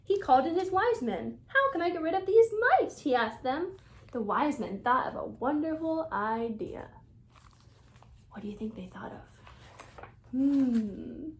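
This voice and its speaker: A woman reading a children's picture book aloud in an animated way, with whispered asides to the young listeners. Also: high-pitched. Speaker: reader.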